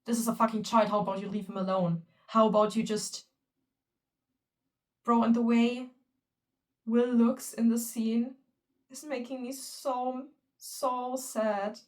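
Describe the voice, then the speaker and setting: A young woman giving excited, emotional fan reaction commentary, swearing often and piling on fillers. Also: a little high, unhurried, long pauses, distant mic. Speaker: fan vlogger.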